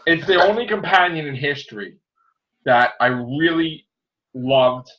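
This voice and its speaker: A man chatting on a casual fan podcast, animated, exclaiming and laughing often. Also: a little high, a little slow. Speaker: podcast co-host. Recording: dull lo-fi sound.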